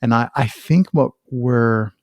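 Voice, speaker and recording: A man hosting a podcast, talking in an animated, self-deprecating way and laughing often. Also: mid-range voice, slow pace, dry recording, clean studio sound. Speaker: podcast host. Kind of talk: conversational podcast interview.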